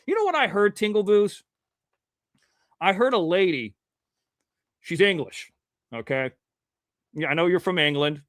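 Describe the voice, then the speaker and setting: A high-voiced man hosting a live online show, rambling through loose, joking chatter and greeting viewers as they come in. The sound is dry and close, with no room echo. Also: lively intonation, a little slow, pauses often, a bit bright. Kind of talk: casual live-stream chat.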